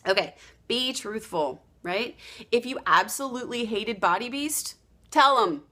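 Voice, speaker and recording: Animated woman coaching on sales. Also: on the high side, unhurried. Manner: animated, acts out quoted dialogue. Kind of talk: motivational training talk.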